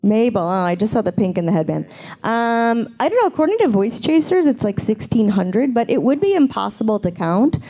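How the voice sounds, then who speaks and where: Mellow-voiced woman chatting with fans on a con panel, playful storyteller, handheld mic. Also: a little high, big pitch swings, fairly quick. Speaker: convention panel guest. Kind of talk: casual panel Q&A. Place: convention panel room.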